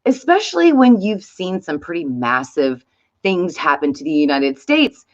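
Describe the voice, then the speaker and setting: A woman's voice: on the low side, normal speed. Lady vlogging, swears a lot, voice bounces all over, kinda lo-fi sound. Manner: chatty, swears freely, animated retelling. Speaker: YouTube host. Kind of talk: casual vlog storytelling. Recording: slightly dull lo-fi sound.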